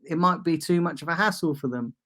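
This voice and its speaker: A young man rants straight to his viewers, heated and exasperated, hammering the same complaints again and again. His voice sits a little higher than most men's. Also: fairly quick, sharp tone. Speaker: football fan channel host. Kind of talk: ranting monologue.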